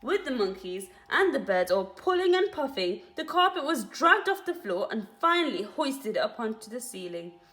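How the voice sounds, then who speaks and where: A woman teacher reading a children's story aloud in an expressive, animated way. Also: on the high side, moderate pace.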